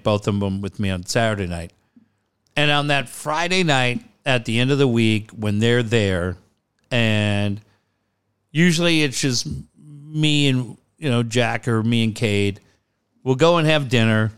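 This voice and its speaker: A man's voice: mid-range voice, expressive, unhurried, a bit bright, smooth. A middle-aged man with a rambling, easygoing way of talking, chatting as a guest. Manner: rambling, laughs easily. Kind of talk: casual chat.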